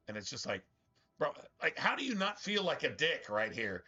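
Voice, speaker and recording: A man giving casual commentary over his gameplay, rambling with lots of slang and swearing. His voice is bright and sharp at a middle pitch. The audio is dull and lo-fi. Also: sing-song, moderate pace, breathy edge. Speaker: gaming streamer.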